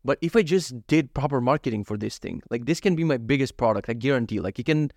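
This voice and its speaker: A vlogger in his thirties, with a mid-range, gravelly voice and a quick pace, recounts his day in a casual monologue. He swears often and acts out his own thoughts, recorded in dry, studio-quality sound.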